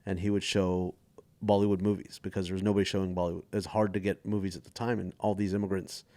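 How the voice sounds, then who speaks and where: A middle-aged man from Texas tells stories in a relaxed, animated way as a comedian guest. His voice sits fairly low and sounds dry and close, with little room around it. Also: quick pace, no room sound. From Dallas area, Texas. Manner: animated storyteller who slips into voices and laughs often. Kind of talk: casual storytelling chat.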